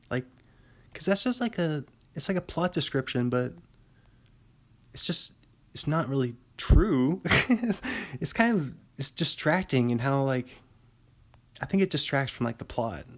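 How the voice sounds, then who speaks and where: A man's voice: medium pitch, gravelly. A young man hosting a casual solo podcast, rambling with lots of fillers and frequent laughs. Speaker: podcast host.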